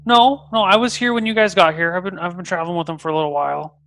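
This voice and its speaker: A man's voice: high voice, steady tone, fast talker, a bit bright, pitched above the performer's own voice. A man voicing a timid young male half-orc who stammers and apologizes nervously.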